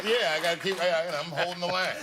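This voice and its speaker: A man's voice: high voice, quick pace, over a noisy crowd. A man, a comedian guest on a late-night talk show, telling stories and acting out voices. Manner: animated, acts out voices in his anecdotes. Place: television studio before a live audience. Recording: studio hall with audience laughter and noise.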